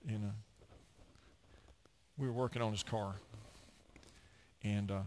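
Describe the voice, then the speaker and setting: A man's voice: on the low side, takes it slowly, slight background noise. A middle-aged American man preaching a sermon, telling stories and acting out the people he quotes. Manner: storytelling preacher, animated, acts out quotes. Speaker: pastor.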